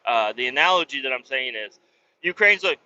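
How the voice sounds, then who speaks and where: A man's voice: mid-range voice, expressive, brisk, sharp tone, dull audio. A man hosting a podcast, ranting about politics in a rambling, profanity-heavy way. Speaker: podcast host.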